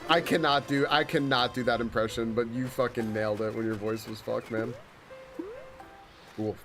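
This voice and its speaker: A man's voice: medium pitch, fairly even intonation, normal speed. A man streaming a video game live, talking casually and swearing a lot. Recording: game music behind.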